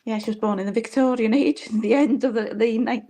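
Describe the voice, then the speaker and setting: A woman's voice: on the high side, fairly quick, mellow. A woman with a Welsh accent, a guest on a casual livestream, agreeing with short replies and laughing often. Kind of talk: casual chat.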